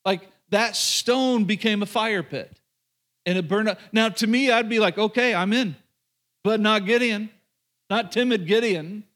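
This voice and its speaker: A male pastor preaching a sermon, retelling a story in an animated, conversational way and speaking straight to his listeners. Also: high voice, unhurried.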